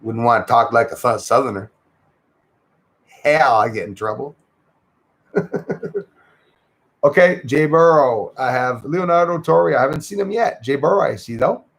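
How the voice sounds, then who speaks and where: A man's voice: a little high, expressive, normal speed, creaky. A man with a Québécois French accent, casually chatting with viewers and thanking them by name on his livestream. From Quebec, Canada. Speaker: livestream host. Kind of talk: casual livestream chat reading comments.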